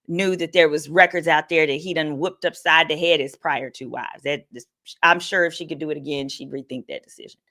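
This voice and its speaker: A woman's voice: lowish voice, pushed and bright. A woman attorney hosting a casual livestream of legal commentary, talking candidly and reading viewer comments aloud. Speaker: attorney and host.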